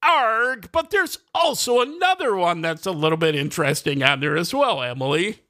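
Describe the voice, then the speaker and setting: A man's voice: a little high, big pitch swings, brisk, pushed and bright. A man co-hosting a morning radio show, reading announcements and laughing along in easygoing banter. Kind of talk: casual on-air banter.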